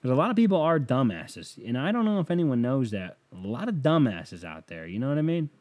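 A man's voice: mid-range voice, big pitch swings, brisk, a little mellow. A man hosting an audio podcast in a casual comedic monologue, swearing often and laughing at his own jokes. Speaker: podcast host.

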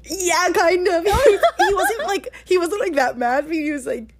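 A woman in her twenties telling a lively story on a casual podcast, laughing often and saying "like" a lot. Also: extremely high pitch, unhurried. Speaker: podcast co-host.

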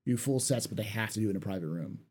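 A man's voice: lowish voice, racing, a little mellow, a little hiss or hum. A man hosting a podcast in casual chat, reading listener questions in a playful, theatrical way. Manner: playful and theatrical, demonstrates voices.

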